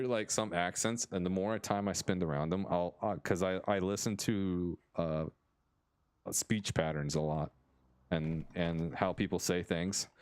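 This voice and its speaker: A man's voice: low voice, clear, resonant tone, no room sound. A young American man chatting casually on a live stream through a headset. He rambles, restarts his sentences and laughs often. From United States.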